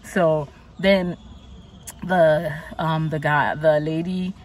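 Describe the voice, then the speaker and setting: In a deep, fairly even voice and at a very slow pace, a woman vlogs casually about her week, exasperated and chatty with many "like"s. The distant mic picks up a little hiss or hum.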